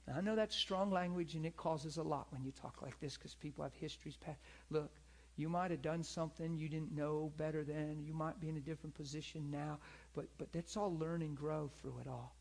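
A man's voice: on the high side, steady tone, fairly quick, gravelly. A man preaching a sermon in a conversational, earnest way, often calling for agreement. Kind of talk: sermon with personal story.

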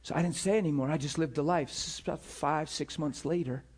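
Telling a personal story from the pulpit, a pastor gets animated, bursting into laughter and repeating his words. His voice is fairly high and slightly rough, and he talks fairly quickly.

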